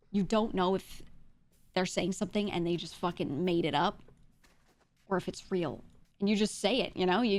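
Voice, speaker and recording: A woman streamer rambles in casual chat, pitched a little low for a woman. She swears freely and laughs often, with a faint hiss behind her voice.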